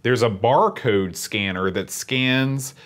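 A man chats casually, in an easygoing, self-mocking way. He has a plain, middle-pitched voice and unhurried phrasing. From West Virginia. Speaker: podcast co-host. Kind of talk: casual chat.

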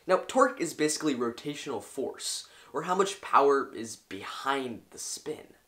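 A young man with a fairly high voice explains how cars work for a science video. His pitch rises and falls a lot as he talks, and he sounds eager and enthusiastic about the subject. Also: a bit bright. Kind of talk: educational explainer.

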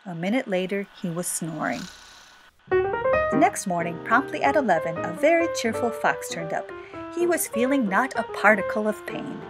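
A woman's voice: mid-range voice, very animated, normal speed. Woman reading a children's story. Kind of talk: children's book read-aloud. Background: background music.

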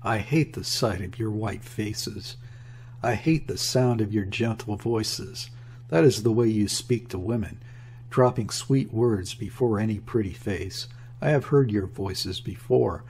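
A man's voice: fairly low pitch, a little slow, darkish tone, a little hiss or hum. A man voicing a proud, defiant young woman who speaks abruptly and intensely.

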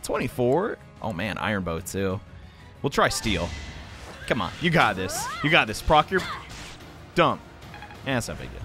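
A young man from the American South giving rambling, self-deprecating, excitable commentary while playing a video game. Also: mid-range voice. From Southern United States. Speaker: let's play commentator. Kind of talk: casual gameplay commentary. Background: faint game music.

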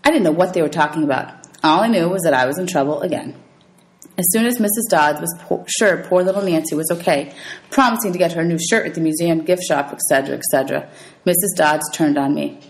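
A woman teacher reading a novel aloud to her students, telling it in a lively storytelling way. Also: sits low, quick pace, rough recording. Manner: lively storytelling with voices for characters.

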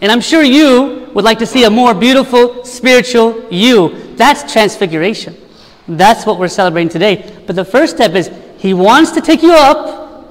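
A priest preaching an earnest sermon in a church, with rhetorical questions and repeated lists. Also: male voice, very high voice, expressive, moderate pace, in a large hall, rough recording.

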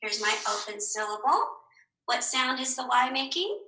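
A woman teacher giving a recorded phonics lesson to young children, slow and encouraging, asking questions and answering them herself. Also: sits high, expressive, bright, forceful tone. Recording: echoey room.

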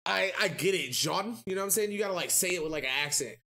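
A young woman from the United States giving casual, slangy reaction commentary in an animated, chatty way. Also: fairly low pitch, racing. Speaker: reaction video host.

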